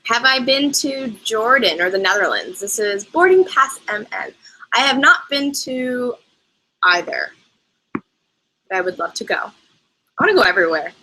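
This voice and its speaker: A woman's voice: fairly high pitch, animated, normal speed, long pauses, sharp tone, a little hiss or hum, poor audio. A woman hosting a casual live travel chat, bubbly and chatty, laughing often as she answers viewer questions. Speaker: travel vlogger host. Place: lives in Canada.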